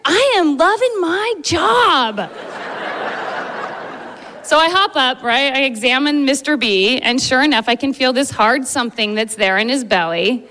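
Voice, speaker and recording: Animated woman telling a story in a hall. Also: high voice, moderate pace, hardly any pauses. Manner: animated, laughs through her own story. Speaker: emergency medicine doctor. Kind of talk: live storytelling.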